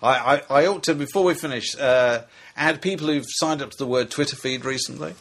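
A man hosting a magazine podcast in a relaxed, chatty way. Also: mid-range voice, a little fast. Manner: easygoing, wraps up segments. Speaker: podcast host.

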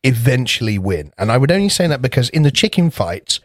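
A man rambles through a casual podcast chat, laughing often and swearing freely. His voice sits at an everyday middle pitch. The sound is dry and close. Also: sing-song, brisk, dry recording. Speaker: podcast co-host.

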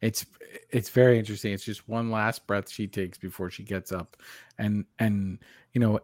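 Low-voiced man with dry, close sound. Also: no room sound. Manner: thoughtful, adds background detail, many fillers. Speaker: podcast co-host. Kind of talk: casual podcast discussion.

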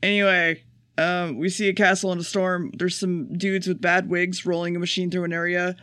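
Podcast co-host, man, high-pitched, dry close sound, sarcastic swearing recap. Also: little pitch movement, pushed and bright, clear, resonant tone, no room sound. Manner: profane, sarcastic, rapid plot summary. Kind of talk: casual chat, episode recap.

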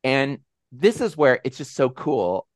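A man hosting a video call with supporters, telling a personal story in a casual, animated, self-deprecating way. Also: medium pitch, measured pace, no echo, studio quality. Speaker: host. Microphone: video call mic.

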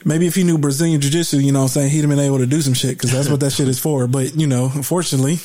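A man hosting a casual commentary podcast, animated and profane, laughing often. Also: mid-range voice, very fast. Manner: animated, profane, laughs a lot, mock-panicked voices. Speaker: podcast host.

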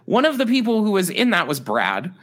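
A man's voice: sits high, wildly swooping pitch, brisk, fairly bright tone. A young man co-hosting a podcast, telling rambling, self-deprecating stories and laughing often. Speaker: podcast co-host. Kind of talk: casual podcast chat.

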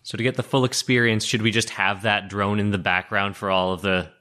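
A man's voice: on the low side, little pitch movement, a little fast, pushed and bright. A man playing in a tabletop game podcast, chatting casually with a playful, teasing manner. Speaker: player.

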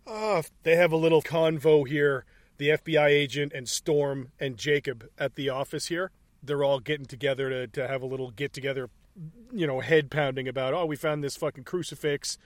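A man's voice: on the high side, fairly even intonation, normal speed, dry recording. A man hosting a podcast, telling stories in casual profane chat and laughing often. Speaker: podcast host.

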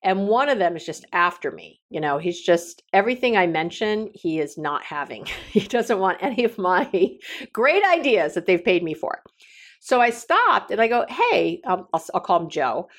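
A woman's voice: mid-range voice, normal speed. A middle-aged woman, a coach, giving podcast advice and telling stories with acted-out dialogue. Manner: animated storytelling, acts out quoted dialogue. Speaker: relationship coach and consultant.

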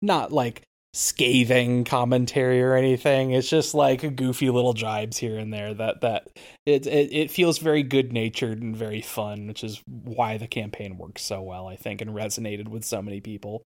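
A man co-hosting a podcast in casual chat, measured and agreeable, hedging his opinions. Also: mid-range voice, fairly even intonation. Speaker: podcast co-host.

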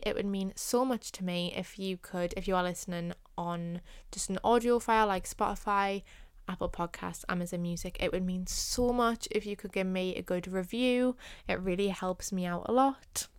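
A woman's voice: medium pitch, clean tone, no room sound, studio quality. A young woman hosting her own podcast in a casual solo talk, earnest and often repeating her points for emphasis. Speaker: podcast host.

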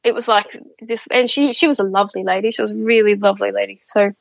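A woman's voice: mid-range voice, steady tone, fast talker, creaky, no echo, dull audio. A woman, a guest chatting through her experiences with lots of fillers and restarts. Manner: chatty, many fillers and restarts, laughs often. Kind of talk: casual interview storytelling.

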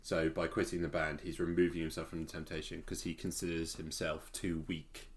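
Guy, low voice, blunt casual podcast co-host. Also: level tone, fairly quick. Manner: blunt and opinionated. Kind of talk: casual chat.

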